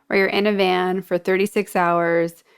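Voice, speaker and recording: A woman's voice: on the low side, flat delivery, moderate pace, creaky, clean tone. A woman hosting a podcast in casual conversation, friendly and chatty as she tells stories and asks her guest questions. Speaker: podcast host. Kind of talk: casual interview chat.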